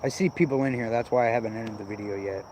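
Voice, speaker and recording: A man's voice: lowish voice, quick pace, a little mellow, a little hiss or hum. A man vlogging in a casual, rambling way, swearing freely and sounding irritated as he goes off on tangents. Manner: profane, rambling, irritated ranting.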